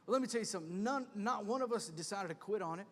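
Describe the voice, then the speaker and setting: A man in his thirties, a pastor preaching an animated sermon with punchy repeated refrains. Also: high-pitched, quick pace. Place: church sanctuary. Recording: long reverb of a church hall.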